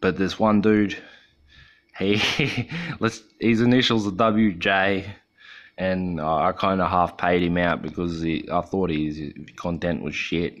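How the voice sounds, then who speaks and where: Deep-voiced Australian man rambling. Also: flat delivery, unhurried, lo-fi sound. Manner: rambling, profane, joking. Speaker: livestream host. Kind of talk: casual livestream chat.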